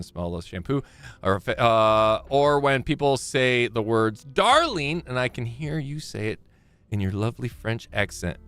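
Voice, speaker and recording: A man streaming a game live, chatting to himself and haltingly reading letters aloud with frequent fillers and restarts. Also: lowish voice, fairly bright tone, clear, resonant tone. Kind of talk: live gameplay commentary.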